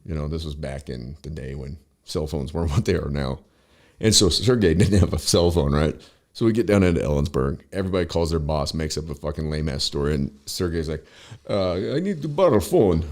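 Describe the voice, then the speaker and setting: Deep voiced guy rambling thru a story on a podcast, swears a lot, tons of you knows. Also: a little fast, darkish tone. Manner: profane, loose, full of fillers and laughs. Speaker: guest. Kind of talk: casual storytelling chat.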